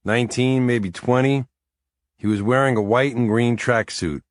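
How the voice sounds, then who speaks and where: A man narrating a first-person thriller audiobook in a wry, measured, weary way. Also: mid-range voice, steady tone, dry recording, studio quality.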